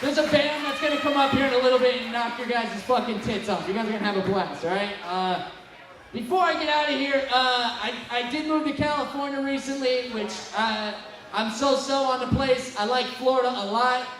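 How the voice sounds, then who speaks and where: A man in his twenties doing a profane, rambling stand-up set with loud bursts of yelling, working the crowd at a bar. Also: extremely high pitch, fairly quick. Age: 20s. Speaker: stand-up comedian. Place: bar stage with a live crowd. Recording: far-off echoey bar recording with noise.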